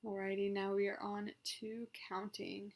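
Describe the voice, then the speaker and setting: Female speech therapist, gravelly texture, mid pitch, deliberate coaching delivery. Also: monotone. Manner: slow, clear, deliberate instruction with loud sustained vowels. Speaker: speech therapist leading voice exercises. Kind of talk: guided voice exercise session.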